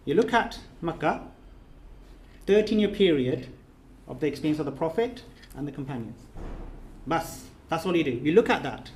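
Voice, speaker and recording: A man's voice: fairly high pitch, a little mellow, roomy sound. A man leading a course, giving an emotional thank-you speech, earnest and repetitive, his phrases rising to emphatic peaks. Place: reception room of an official residence.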